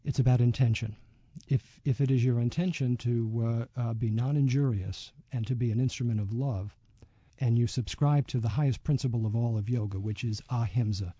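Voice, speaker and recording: Dark husky male yoga teacher. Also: medium pitch, fairly quick, no room sound, muffled recording. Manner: reflective, storytelling, many fillers. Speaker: yoga teacher and author, guest. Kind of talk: radio interview.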